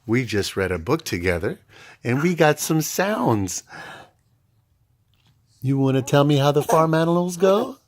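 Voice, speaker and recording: A man's voice: on the high side, big pitch swings, a little slow, pauses often. A man reading a picture book aloud to his baby son in playful, sing-song baby talk, making animal noises at home.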